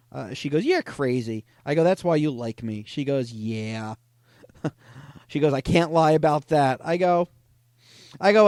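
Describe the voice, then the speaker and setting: Lively high-voiced man retelling chats. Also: no room sound, clean studio sound. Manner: deadpan retelling, frequent "I go, she goes". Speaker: podcast host reading scam chats. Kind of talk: casual comedic retelling.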